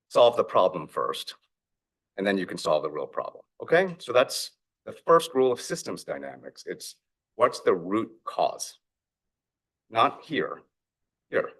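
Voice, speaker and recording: A man's voice: on the low side, fairly bright tone. A middle-aged man, an author and investor, giving a conference keynote in a reflective storytelling manner. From United States. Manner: storytelling, reflective, acts out family dialogue.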